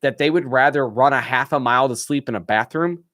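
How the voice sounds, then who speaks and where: A man's voice: mid-range voice, brisk, dry recording, clean studio sound. A young man on a live stream, casually telling a story with frequent laughs and acted-out quotes. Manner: animated, laughs often, acts out what people said.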